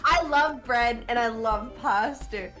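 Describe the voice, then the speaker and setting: A woman's voice: a little high, a bit bright. A woman co-streamer chatting casually, cracking jokes with a giggle. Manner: slow, joking, giggly. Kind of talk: casual chat. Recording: faint music behind.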